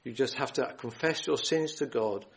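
A man preaching a gospel sermon, earnest and pleading, quoting scripture and often repeating phrases and clearing his throat. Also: medium pitch, moderate pace, low-quality recording.

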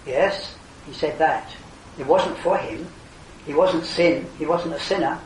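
An older man delivers an evangelistic sermon with a slightly high voice. He is earnest, surging into emphatic exclamations and then sinking back to quiet tones. The recording is roomy and distant, with a faint ambient hiss behind him. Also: moderate pace. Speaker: preacher.

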